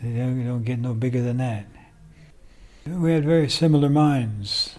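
A man's voice: mid-range voice, fairly even intonation, moderate pace, a little mellow. An older man, a songwriter, reflecting at length in a casual interview, rambling with fillers. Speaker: songwriter guest.

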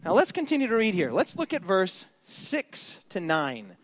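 High-voiced emphatic male preacher. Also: wildly swooping pitch, normal speed, no room sound. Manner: emphatic, rhetorical questions to the congregation. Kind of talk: sermon.

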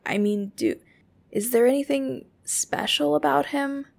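A scared young woman speaks in a hushed, breathy near-whisper, shaken but blunt, as a woman reading a story puts her on. Her voice has a gravelly edge, and she keeps it low and quiet. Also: fairly even intonation, a little slow.

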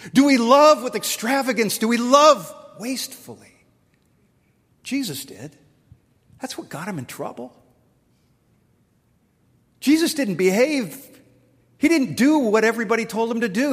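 A man's voice: high voice, a bit bright, long reverb tail. A middle-aged man preaching a sermon, telling a story and acting out the dialogue with rising emphasis. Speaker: pastor.

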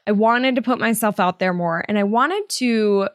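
A young woman hosting a podcast, telling a story in a casual, animated way, laughing often and acting out quotes in high voices. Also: moderate pace, dry recording, studio quality. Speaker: podcast host.

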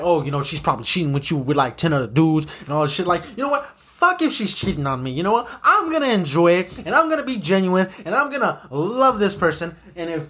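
Profane ranting young man, wide-swinging pitch. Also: pushed and bright. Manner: profane, agitated, repetitive ranting with many "you know"s. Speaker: podcast host. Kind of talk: solo ranting podcast episode.

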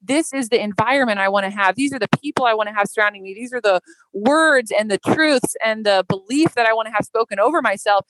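Casting: American woman, higher voice, heartfelt, chatty, dry close sound. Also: fast talker, a bit bright, no echo, rough recording. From United States. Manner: emotional, heartfelt, many fillers. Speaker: podcast guest. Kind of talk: casual storytelling.

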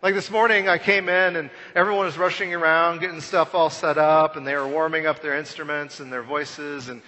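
A man in his thirties preaching a conversational Easter sermon, telling self-deprecating stories and swinging between loud and hushed. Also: a little high, fairly even intonation, fairly quick. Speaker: pastor. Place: church sanctuary. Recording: long church hall reverb.

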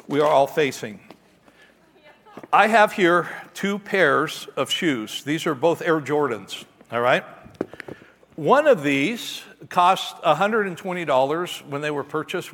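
Animated storytelling pastor in a reverberant hall. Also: male voice, a little high. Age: middle-aged. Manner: animated, self-mocking storyteller. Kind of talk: sermon with storytelling. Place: church hall.

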